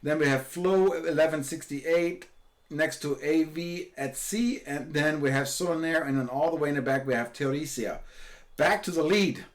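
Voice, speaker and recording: A man giving live commentary on virtual sailing races, excitable and quick to exclaim, repeating his calls as the boats close in. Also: on the high side.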